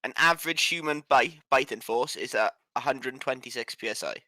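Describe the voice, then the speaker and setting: A man's voice: mid-range voice, a little fast, sharp tone, no room sound. A man co-hosting a casual podcast chat in a blunt, offhand way, with the odd swear. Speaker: co-host.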